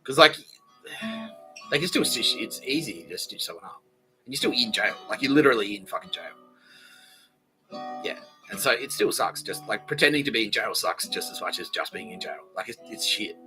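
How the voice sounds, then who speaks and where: A man's voice: lowish voice, lively intonation, moderate pace, over music, rough recording. A man with an Australian accent, hosting a podcast and telling a rambling, profane comic story with frequent laughter. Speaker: podcast host. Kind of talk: rambling comedic monologue.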